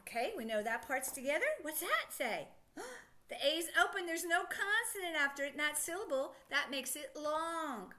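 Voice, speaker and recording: A woman teaching a phonics lesson to children, sounding out words slowly and asking lots of encouraging questions. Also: high-pitched, lively intonation, pushed and bright. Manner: encouraging, asks many questions.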